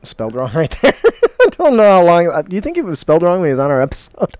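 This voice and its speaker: A man's voice: on the high side, big pitch swings, rapid-fire, darkish tone, dry recording. Laughing, casual podcast co-host man. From United States. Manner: laughs often, swears casually.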